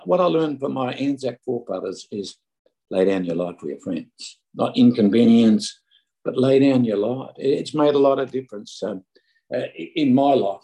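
Creaky Australian male preacher. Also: medium pitch, dark tone, low-quality recording. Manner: conversational, anecdotal, stumbling restarts. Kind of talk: sermon.

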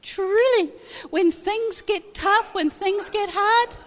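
A woman with a very high voice preaches a sermon slowly, telling stories conversationally and adding wry asides. The recording carries a long hall reverb.

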